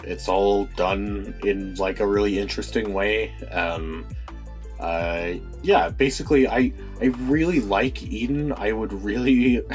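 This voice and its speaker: Male film reviewer, unhurried delivery, halting and filler-heavy, faint music underneath. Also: fairly low pitch. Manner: hesitant, many fillers and restarts. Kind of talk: casual spoken film review.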